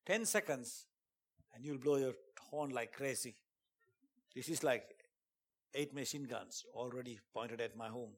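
A man preaching a sermon and telling a dramatic testimony, dropping to a hush and then rising to shouts. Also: mid-range voice, measured pace, long pauses. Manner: dramatic storytelling, swings from hushed to shouting; preaching with emphatic call-outs.

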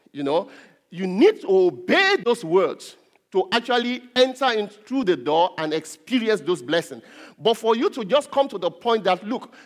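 A man preaching a sermon with a high voice that swoops up and down with energy. He presses hard on key words and repeats them for emphasis. His voice rings out with a long reverb in a large hall. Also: fairly bright tone. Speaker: pastor.

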